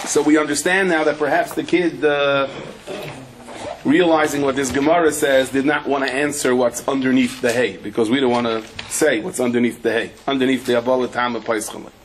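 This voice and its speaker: A rabbi teaching a Torah class, telling stories with animation and acting out the people in them. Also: male voice, medium pitch, slight background noise. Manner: animated storytelling, acts out the people in his anecdotes.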